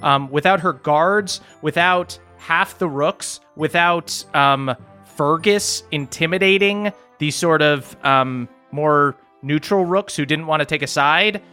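Young man, game master, bright tense voice, rambling narration, faint music behind. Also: a little high, slow, smooth. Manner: loose, filler-heavy narration.

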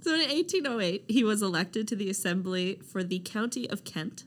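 A woman's voice: medium pitch, animated, brisk. A young woman co-hosting a casual history podcast. She reads history passages aloud, then breaks into jokes and frequent laughter. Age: young adult. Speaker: podcast co-host.

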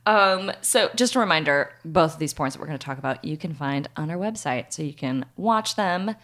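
A woman co-hosting a casual podcast in a bright, clear voice. Her pitch swings widely as she chats, playful and bubbly, laughing often. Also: animated, fairly quick. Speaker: podcast co-host. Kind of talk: casual chat.

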